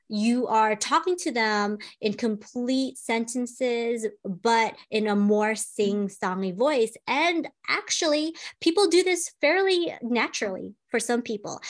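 A woman, a speech-language pathologist and mother, explains child language tips in a casual podcast chat, pausing often with "um". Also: a little high. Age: adult, a parent. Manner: explanatory, with frequent "um" pauses.

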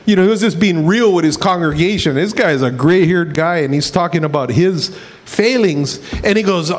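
A man's voice: high-pitched, a little fast. A man preaching a sermon as pastor, telling stories and laughing at his own jokes.

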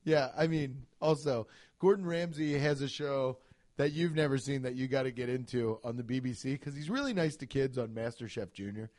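A man chatting casually in a comedy podcast, telling stories with lots of swearing and quick comic impressions. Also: medium pitch. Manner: animated storytelling, swears freely, jumps into impressions.

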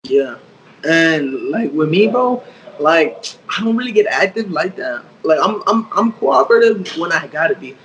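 A man's voice: a little high, very animated, normal speed, a bit bright, a little hiss or hum, poor audio. A young man in his twenties, a guest artist telling a story in casual, slang-heavy speech full of fillers and quoted dialogue.

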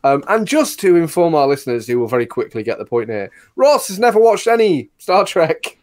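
Lively male podcast host. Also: fairly high pitch, fairly quick. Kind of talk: casual podcast chat.

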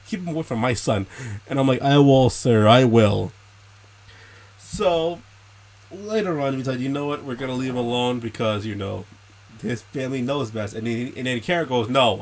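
A young man casually telling a story and acting out quoted voices, animated and swearing. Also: mid-range voice. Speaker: host answering questions.

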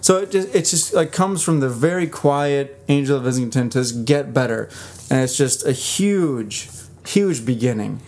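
A man's voice: mid-range voice, animated, moderate pace, darkish tone. A man co-hosting a casual podcast album review, talking with enthusiasm and breaking into sung lyrics. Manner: enthusiastic, sings lyrics aloud. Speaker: podcast co-host.

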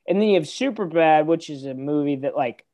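A man's voice: a little high, expressive, a little fast, darkish tone. A young man on a podcast, chatting casually about comedy films, rambling with restarts, swearing and laughing often. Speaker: podcast co-host. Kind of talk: casual movie chat.

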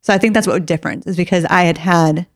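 A woman talking in a casual chat, agreeable and animated, quick to laugh. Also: lowish voice, dry recording, studio quality. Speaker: adoptive mother.

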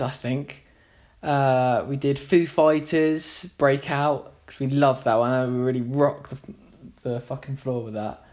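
A man, a musician, telling a long casual anecdote in a rambling way, full of fillers and restarts. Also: a little high.

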